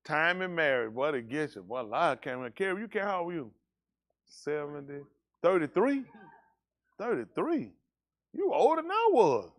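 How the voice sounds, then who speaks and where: Guy with a pretty high voice joking around with his congregation, teasing, folksy and laid back. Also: big pitch swings, normal speed, long pauses. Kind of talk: casual banter with congregation on livestream.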